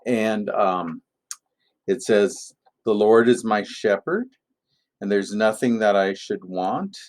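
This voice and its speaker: A pastor gives a family message in a gentle, playful storytelling manner, pausing often between thoughts. His voice sits on the low side for a man, and he speaks at a very unhurried pace. The tone is easygoing and homely. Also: expressive. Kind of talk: children's object-lesson sermon.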